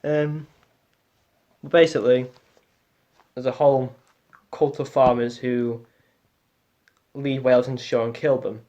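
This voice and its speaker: Teen male co-host, Northern English accent, rambling and hesitant, mid-pitched voice. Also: flat delivery, a little slow, pauses often, warm tone, dull audio. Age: teens. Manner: hesitant, rambling, many restarts. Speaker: podcast co-host. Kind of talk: casual chat.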